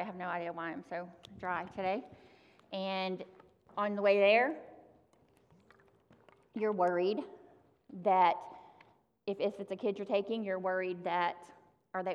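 A woman's voice: medium pitch, dull audio. A woman giving a sermon, talking to the congregation in a conversational way and addressing them directly. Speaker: preacher. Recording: long hall reverb.

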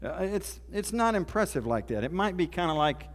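Folksy pastor in a reverberant hall. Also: male voice, sits high, very animated, moderate pace. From Oklahoma. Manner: folksy, conversational storytelling. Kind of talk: sermon.

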